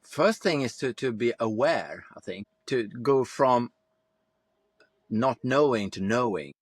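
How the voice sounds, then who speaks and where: A man's voice: medium pitch, animated, slow, breathy edge, dry recording, clean studio sound. A man from Sweden, a guest on a podcast interview, reflective and plain-spoken, who swears casually.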